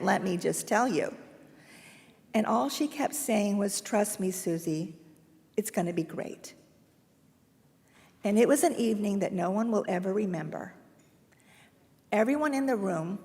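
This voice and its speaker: Gravelly woman presenting an award. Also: fairly high pitch. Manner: warm, emotional, chatty storytelling. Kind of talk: heartfelt ceremony speech. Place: hotel ballroom event, live stream. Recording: long hall reverb.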